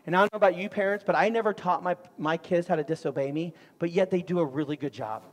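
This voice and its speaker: A middle-aged man preaching a sermon, telling stories in an animated way with sudden loud outbursts. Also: sits high, fast. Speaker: pastor. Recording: long hall reverb.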